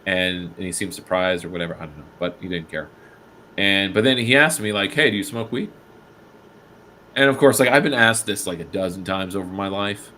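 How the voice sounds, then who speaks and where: A man casually telling a story on a podcast, animated and swearing, acting out the people he quotes. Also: low voice, a little fast. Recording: faint background noise.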